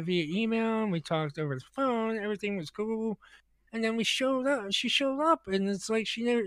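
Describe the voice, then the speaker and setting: Male podcast co-host, high voice, dry close sound; rambling storyteller who restarts often and plays both sides of the dialogue. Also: clear, resonant tone, no room sound. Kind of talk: casual comedic storytelling.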